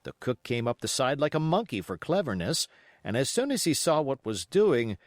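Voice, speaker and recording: A man reading a classic adventure novel aloud as an expressive audiobook narration. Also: medium pitch, normal speed, no echo, studio quality.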